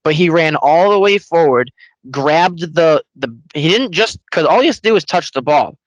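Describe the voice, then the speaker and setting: A man with a fairly high voice launches into a heated rant, stacking complaint on complaint and swearing as he goes. The sound is dry and close, with no room around it. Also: lively intonation, moderate pace, dry recording, rough recording. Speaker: podcast co-host. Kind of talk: casual sports rant.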